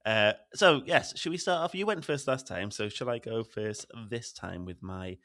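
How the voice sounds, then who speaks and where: A man's voice: mid-range voice, normal speed, fairly bright tone, no room sound, studio quality. Giggly British man cohosting a podcast. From Great Britain. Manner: giggly, self-deprecating, laughs often. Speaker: podcast co-host. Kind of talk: casual chat.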